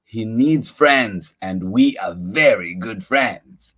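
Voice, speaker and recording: A man voicing Mouse, a thoughtful, gently dramatic little child in a picture book, in a higher, plaintive voice. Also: lively intonation, slow pace, full character voice. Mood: childlike.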